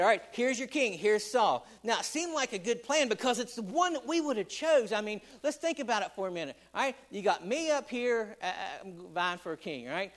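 Male pastor, high voice, animated, conversational sermon delivery, playful asides. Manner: animated, conversational, joking with the congregation.

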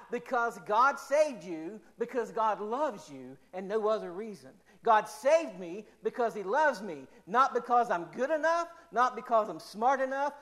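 Guy preaching in church, really high voice, slows way down to hammer points. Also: a bit bright. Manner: earnest, repetitive, slows for emphasis. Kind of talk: sermon.

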